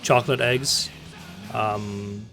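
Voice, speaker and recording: A man's voice: lowish voice, steady tone, slow, creaky, pushed and bright, faint music behind. Chatty streamer man. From Netherlands. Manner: rambling, chatty, many fillers and restarts. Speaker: game streamer. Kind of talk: casual live-stream gaming chat. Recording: faint game ambience behind.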